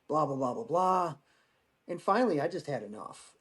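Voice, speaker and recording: A man's voice: on the high side, lively intonation, moderate pace. An American man in his forties, a military veteran guest telling a story casually and bluntly, with plenty of swearing and acted-out dialogue. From United States. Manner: blunt, profane, acts out quoted exchanges.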